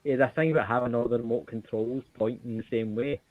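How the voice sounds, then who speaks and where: Brief: male UK caller, casual storyteller, mid-pitched, telephone-quality sound. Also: fast talker, dry recording. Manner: animated, swearing storyteller. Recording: phone-line audio.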